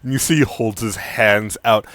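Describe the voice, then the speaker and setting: A man's voice: lowish voice, fairly even intonation, normal speed, a bit bright, no room sound. A man narrating as game master of a tabletop role-playing game.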